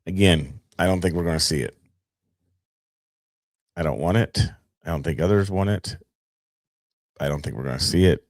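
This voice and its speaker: Very deep-voiced man streaming commentary. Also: moderate pace, long pauses, no echo. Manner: rambling, trails off and restarts. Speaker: live streamer reacting to footage. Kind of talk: casual live commentary.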